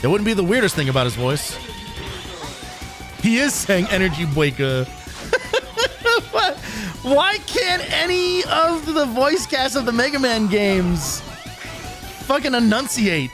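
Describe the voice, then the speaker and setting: A man giving casual, animated commentary while streaming a game, swearing freely and laughing easily. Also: very high voice, unhurried. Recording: game music behind the voice. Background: game music.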